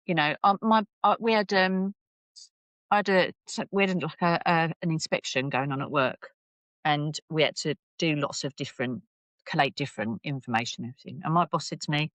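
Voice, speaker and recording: A woman's voice: fairly low pitch, fairly quick, no echo. Candid woman recounting struggles. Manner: animated, acts out quoted voices, many restarts. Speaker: podcast guest. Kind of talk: candid personal storytelling.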